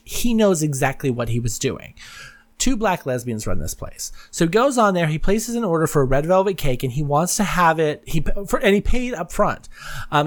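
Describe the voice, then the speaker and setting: Excitable gossipy podcast host. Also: mid-range voice. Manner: excitable, gossipy and profane, with quick asides. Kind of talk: solo gossip podcast news rundown.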